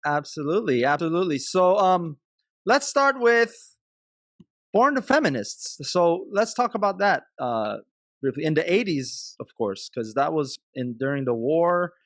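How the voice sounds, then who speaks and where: A man hosting a podcast, introducing his guest and asking questions in a halting way, with many pauses and fillers. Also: a little high, very animated, a bit bright, no room sound. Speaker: podcast host. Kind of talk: interview hosting.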